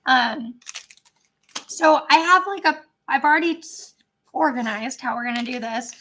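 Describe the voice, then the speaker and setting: A chatty woman with a high, light voice, talking fast and loosely on a home live stream. She rambles and giggles between thoughts, casual and unscripted. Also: sharp tone. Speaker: vlogger.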